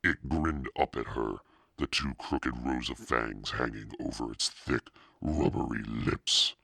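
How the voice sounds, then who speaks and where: A man narrates an audiobook in a very deep voice with a gravelly fry. His tone is bright and a little husky. The sound is dry and close. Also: slow, no echo. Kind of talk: scripted narration.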